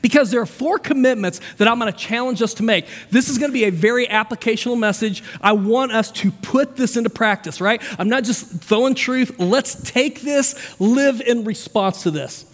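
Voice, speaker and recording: A man preaching a sermon as pastor, energetic and conversational, with asides and frequent restarts. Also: very high voice, normal speed, hardly any pauses. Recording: long hall reverb.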